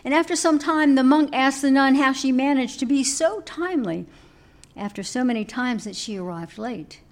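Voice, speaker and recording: A woman giving a sermon, telling a story and moving between emphatic lines and hushed asides. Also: high voice, expressive, normal speed. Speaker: preacher.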